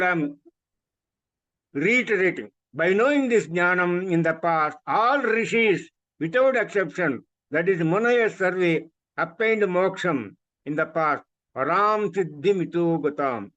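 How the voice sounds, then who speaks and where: High-voiced emphatic man lecturing on scripture. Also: expressive, a little slow, fairly bright tone. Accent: Indian English. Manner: emphatic, repeats points, asks rhetorical questions. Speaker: scripture teacher. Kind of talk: spiritual lecture over video call. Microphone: video call microphone. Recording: dull, muffled video call audio.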